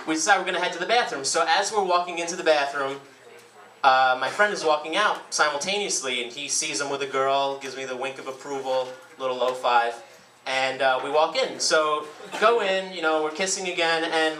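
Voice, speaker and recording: A young man tells stand-up stories in a casual, rambling way, slipping into other people's voices for the punchlines. His voice sits a bit high for a man, and it sounds roomy and distant, as if caught from across an echoey venue. A noisy background sits under the voice. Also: bright, forceful tone. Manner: loose storytelling, acts out voices for punchlines. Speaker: stand-up comedian. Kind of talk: stand-up comedy set. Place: comedy venues, in front of a live audience.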